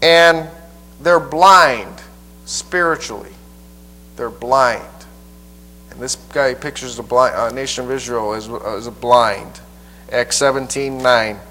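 A man preacher teaching a Bible passage verse by verse in a folksy, halting way, often repeating his words. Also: mid-range voice, bright, forceful tone, rough recording.

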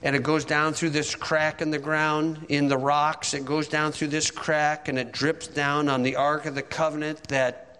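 A man's voice: a little high, pushed and bright, clean tone, big-room sound. A man preaching a sermon, retelling events in vivid, dramatic storytelling.

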